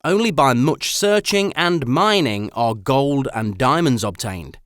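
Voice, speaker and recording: A man narrating an audiobook in a measured, expressive reading style. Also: medium pitch, no room sound, clean studio sound. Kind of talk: scripted narration.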